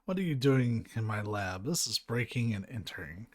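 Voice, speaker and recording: A man's voice: mid-range voice, expressive, moderate pace, a little mellow, close to an everyday voice. A man reading the lines of an arrogant, hostile older scientist in a video game, speaking in a scornful, demanding manner. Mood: interrogating.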